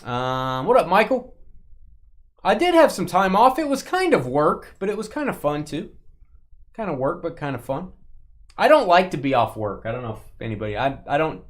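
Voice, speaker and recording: A man's voice: a little high, sing-song, normal speed. A man hosting a live sports card break stream, chatting and joking with viewers and greeting them by name. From Texas.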